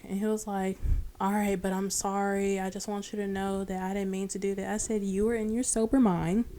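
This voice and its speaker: A young woman chatting on a podcast, telling a personal story in a casual, animated way. She voices the other people in it as she goes. Her voice sits at a middle pitch. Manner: animated storyteller, acts out quoted dialogue. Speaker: podcast guest.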